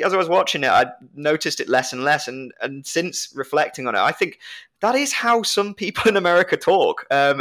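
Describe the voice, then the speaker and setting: A man's voice: fairly high pitch, sharp tone. A man on a film podcast panel, talking reflectively and laughing as he goes. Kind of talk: casual film review chat.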